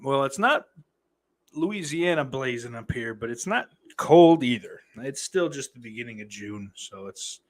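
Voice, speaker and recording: A man's voice: medium pitch, creaky, a bit bright. Profane, sardonic male podcast host. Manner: profane, sardonic, mock-threatening banter. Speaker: podcast host reading live chat. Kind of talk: casual live-stream chat.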